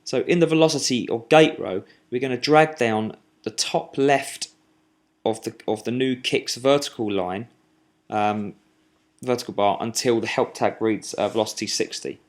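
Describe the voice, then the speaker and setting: Male tutor, mid pitch, halting walkthrough of music software while clicking. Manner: talks while clicking, halting with fillers and restarts. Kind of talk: screen-recorded software tutorial.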